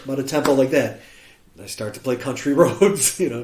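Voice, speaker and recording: A man from Chicago, a guest musician on a podcast, telling a story in a lively way and acting out what people said. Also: mid-range voice, a little fast, slight background noise. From Chicago, USA. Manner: animated storyteller who acts out quoted speech. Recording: roomy echo.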